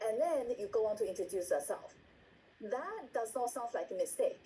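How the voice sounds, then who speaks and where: Mellow-voiced woman coaching on a video call. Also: on the high side, big pitch swings, moderate pace, low-quality recording. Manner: repeats words, asks "right?" often, acts out example lines. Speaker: meeting trainer. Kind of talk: instructional talk on a video call.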